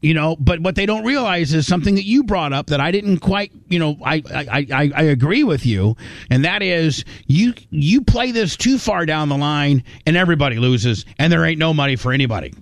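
A man co-hosting a podcast chat, with a voice pitched a little higher than most men. He rambles and restarts, and the recording sounds dry and close. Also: animated, a little fast, no echo. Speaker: podcast co-host. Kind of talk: casual chat.

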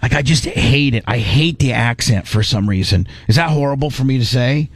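A man hosting a podcast in casual chat, talking in halting, rambling, self-deprecating bursts. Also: medium pitch, husky, dry recording. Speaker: podcast host.

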